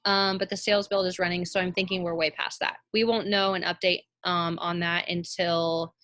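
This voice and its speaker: A woman's voice: on the low side, flat delivery, moderate pace, a bit bright, no room sound. Emphatic woman on a team call. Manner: emphatic, repeats phrases for effect. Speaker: team leader. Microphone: call audio.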